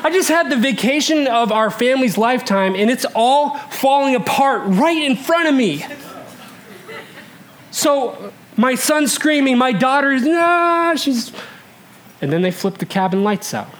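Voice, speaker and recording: A man in his thirties from Alaska tells a funny story to a live crowd in a high voice. His pitch leaps and drops all over, and he laughs as he goes, shifting from loud bursts to hushed asides. A faint wash of room noise sits behind him. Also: animated, normal speed, hardly any pauses. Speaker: storyteller before a live audience. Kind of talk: comic storytelling.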